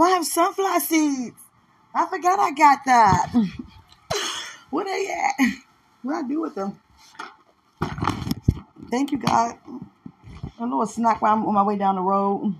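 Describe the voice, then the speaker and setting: A woman's voice: fairly high pitch, creaky, slight background noise. A woman in casual, rambling chat, playful and affectionate, laughing often and talking aloud to God.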